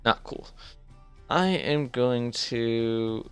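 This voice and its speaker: A man streaming a card game live, thinking aloud in halting starts while his voice grows strained. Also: mid-range voice, fairly bright tone, clear, resonant tone, faint music behind. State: strained, fading voice. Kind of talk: casual live gameplay commentary.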